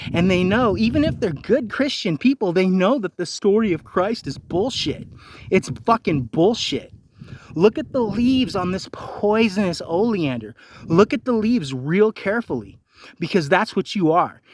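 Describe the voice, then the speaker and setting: A man with a notably high voice rants angrily at the camera, swearing heavily and hammering the same rhetorical questions. His voice sounds dry and close, with no room echo. The delivery is confrontational throughout. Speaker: vlogger. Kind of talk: profane ranting monologue.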